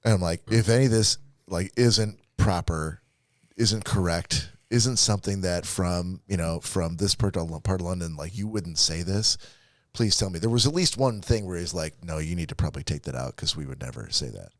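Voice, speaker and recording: An animated man co-hosting a casual podcast, tripping over his words as he tells a story. His voice sits low and the sound is dry. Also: moderate pace, no room sound. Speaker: podcast co-host. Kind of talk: casual chat.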